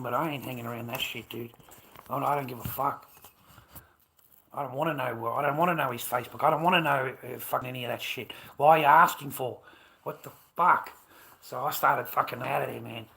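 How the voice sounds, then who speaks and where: Forceful, swearing middle-aged man ranting. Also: medium pitch, gravelly, slight background noise. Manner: rambling, heavy swearing, agitated. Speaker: livestreamer. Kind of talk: casual livestream chat.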